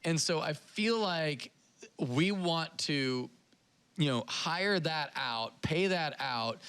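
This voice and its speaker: A man's voice: mid-range voice, no room sound, poor audio. A man hosting a church podcast, talking casually and animatedly, telling stories with acted-out voices. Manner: animated storyteller, acts out quoted voices. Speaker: pastor and podcast host.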